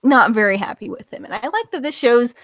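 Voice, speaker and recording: A woman co-hosting a casual review podcast over an online call, retelling a story in an animated way with many filler words and acted-out quotes. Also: on the high side, brisk, dry recording. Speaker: podcast co-host. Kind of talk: casual comic-book review chat.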